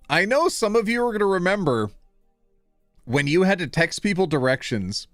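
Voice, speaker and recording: Man, 30s, streamer, playful, self-deprecating, slightly high voice, dry sound. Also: normal speed, dry recording, soft background music. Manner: animated, playful, self-deprecating, fumbles names. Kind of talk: live stream chat.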